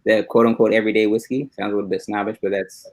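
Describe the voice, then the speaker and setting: A man rambling through casual chat on a livestream, relaxed and wandering, heard over a video call. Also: fairly low pitch, racing, poor audio. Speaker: panel guest.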